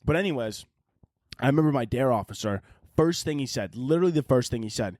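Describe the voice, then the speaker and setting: A young man hosting a podcast, telling comedic stories in an animated, profane, mocking way. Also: mid-range voice, quick pace, no room sound, clean studio sound. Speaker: podcast host. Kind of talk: comedic storytelling monologue.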